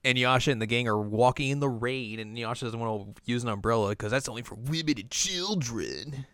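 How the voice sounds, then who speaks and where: Man, casual anime recap chat, clear resonant voice, dry close mic. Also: mid-range voice, a bit bright, dry recording. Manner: joking, acts out characters in quick asides. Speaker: podcast co-host.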